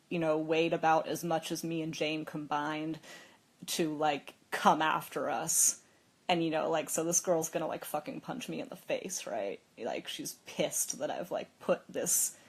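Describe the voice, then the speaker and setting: A woman's voice: on the low side, breathy edge. A young woman hosting a phone livestream, telling a story in a chatty, casual way with lots of "like" and frequent laughs. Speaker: livestream host.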